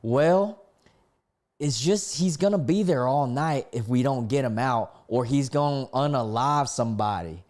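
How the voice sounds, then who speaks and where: A man's voice: mid-range voice, unhurried, a little mellow, voice pushed up, lightly acted. A man putting on a drawling country woman. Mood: matter-of-fact. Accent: North Carolina country accent, put on. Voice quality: drawling, slangy. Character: unsettling rural Southern woman passenger.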